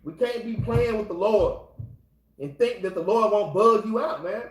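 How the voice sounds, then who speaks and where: A man's voice: sits high, moderate pace, echoey room, poor audio. A man leading an informal scripture class, talking casually and exhorting his listeners, constantly repeating the same filler address. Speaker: Bible class teacher.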